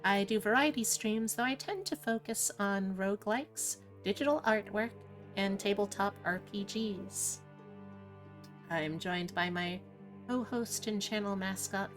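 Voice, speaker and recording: Unhurried low-voiced woman streamer. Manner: low-key, rambling, self-deprecating. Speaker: streamer host. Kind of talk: casual live-stream chat.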